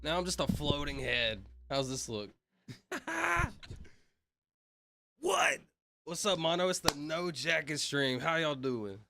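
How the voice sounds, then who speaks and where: A young man livestreaming, chatting loosely with his chat, reading out names and laughing loudly. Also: on the high side, moderate pace, hardly any pauses, faint music behind. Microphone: headset mic.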